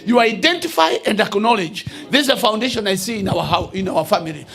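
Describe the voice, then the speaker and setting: A man preaching a sermon as a bishop. He builds to shouted declarations and often repeats and restarts his words. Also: high voice, lively intonation, fast talker, vocal fry, faint music behind.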